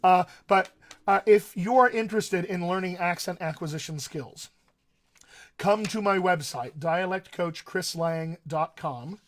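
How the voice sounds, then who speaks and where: A man's voice: high voice, unhurried. Male dialect coach answering live questions. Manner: explanatory, answers viewer questions with analogies and restarts. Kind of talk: live-streamed Q&A teaching.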